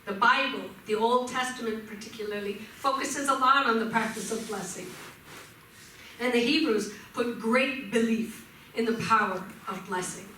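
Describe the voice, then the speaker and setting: A woman minister giving a gentle sermon in a church, telling stories and voicing shouts vividly. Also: fairly high pitch, moderate pace, slight background noise. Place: church sanctuary. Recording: echoey church hall from far off.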